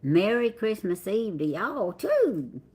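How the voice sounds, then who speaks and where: A woman's voice: medium pitch, big pitch swings, takes it slowly, dark tone, husky. A middle-aged woman with a Southern American accent, casually chatting to viewers on a livestream and reading out their names in a drawl. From Southern United States. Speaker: livestream host. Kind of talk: casual live chat greeting viewers.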